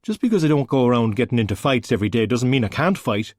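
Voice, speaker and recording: A man's voice: mid-range voice, big pitch swings, fast talker, darkish tone, no echo, clean studio sound. A man voicing a nervous, defensive teenage boy in an audiobook. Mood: indignant. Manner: defensive, whiny.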